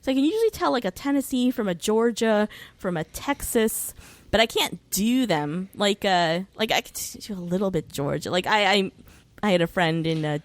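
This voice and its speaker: A woman's voice: mid-range voice, lively intonation, moderate pace, no room sound. A woman with a law background, chatting on a podcast as a guest, laughing often. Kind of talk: casual podcast chat.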